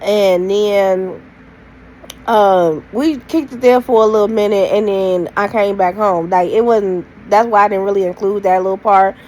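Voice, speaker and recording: A woman's voice: mid-range voice, steady tone, measured pace, darkish tone, a little hiss or hum, low-quality recording. A woman telling a rambling storytime to her viewers in a loose, slangy, casual way, talking straight to the camera audience. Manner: rambling, loose slang-filled retelling with many "like"s; addresses viewers directly. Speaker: storytime vlogger.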